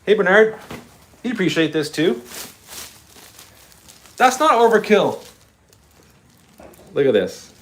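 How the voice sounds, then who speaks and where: A man hosting a model railway livestream, chatty and excitable, greeting viewers by name and laughing often. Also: high-pitched, takes it slowly, long pauses. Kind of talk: casual live-stream chat with viewers.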